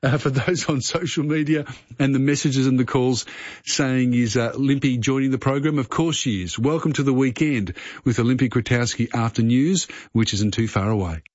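Relaxed Australian radio host. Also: male voice, medium pitch, no echo, highs cut off. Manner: relaxed, halting, with many fillers. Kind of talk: casual talk radio, reading newspaper headlines.

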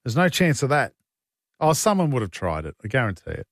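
A man's voice: medium pitch, sing-song, dry recording, studio quality. Chatty male talkback radio host. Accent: Australian. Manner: chatty, joking, quick to laugh. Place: radio studio.

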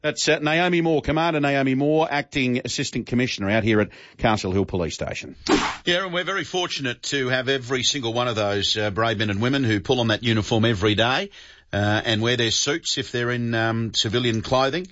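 A man's voice: medium pitch, fairly quick, a bit bright, dry recording, muffled recording. A man hosting talk radio, friendly and chatty. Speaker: radio host. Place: outdoors at a police station.

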